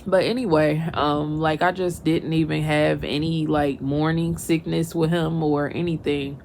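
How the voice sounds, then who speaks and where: Mom vlogging in her kitchen, low voice, noisy background, gets teary. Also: level tone, measured pace, creaky, darkish tone. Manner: chatty, laughs often, gets teary and sentimental. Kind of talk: casual kitchen vlog chat. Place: home kitchen. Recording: noisy home recording.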